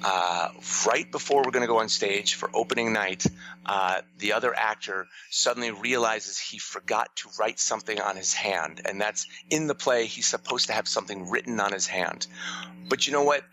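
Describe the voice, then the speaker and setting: Speaking at a moderate pace, a playwright and storyteller recounts a lively backstage tale during a conversational interview, voicing the quotes with abrupt pitch jumps. It's a low-quality recording.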